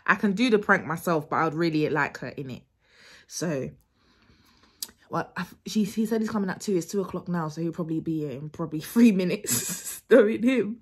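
Husky-voiced young woman vlogging from home. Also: fairly low pitch, lively intonation, moderate pace. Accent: London English. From London. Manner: chatty and rambling, with frequent restarts and laughter. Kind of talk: casual vlog chat to camera.

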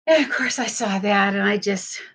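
A woman's voice: mid-range voice, normal speed, fairly bright tone, a little hiss or hum. A woman vlogging from home, talking casually to her viewers and her dogs, teary-eyed. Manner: chatty, tearful, talks to her dogs. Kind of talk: casual livestream chat.

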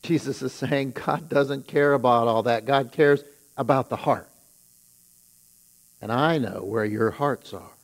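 A man's voice: mid-range voice, measured pace, poor audio. A man who is a pastor, preaching a sermon and retelling scripture with rising emphasis on its warnings.

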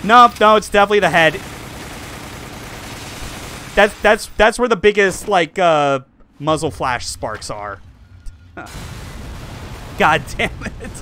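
Young male streamer, exclamatory and profane, bright, slightly high voice. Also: animated, slow pace, long pauses, slight background noise. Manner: exclamatory, swears a lot, laughs at the game. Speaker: game streamer. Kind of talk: live gameplay commentary.

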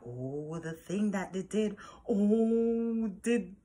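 A woman reading a picture book aloud to children as a storyteller, animated and full of exclamations. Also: medium pitch, extremely slow, slight background noise.

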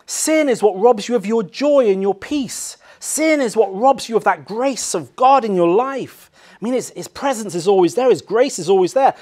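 Man, English accent, pastor, sermon, fairly high voice, animated delivery. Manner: animated preaching, swings from loud acted cries to quiet emphasis.

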